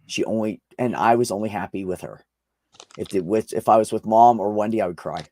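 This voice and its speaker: A man's voice: lowish voice, a little fast, warm tone, dry recording. A man in casual conversation, telling a long personal story with frequent swearing and restarts. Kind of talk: casual chat.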